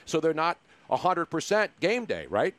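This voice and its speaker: A man's voice: a little high, sing-song, normal speed, fairly bright tone, no room sound. Jokey male sports radio host. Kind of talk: casual sports radio chat.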